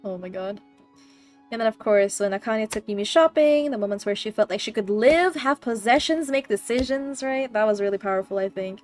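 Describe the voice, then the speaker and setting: A woman streamer hosting a book club, chatting casually, excitable and swearing freely. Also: medium pitch, a little fast, faint music behind. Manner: excitable, swears a lot, loud laughing outbursts. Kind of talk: casual chat.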